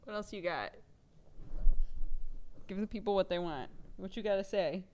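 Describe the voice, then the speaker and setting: A woman's voice: mid-range voice, moderate pace, a little mellow, highs cut off, slight background noise. A woman streamer chatting casually and using playful baby talk with an infant. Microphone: desk microphone.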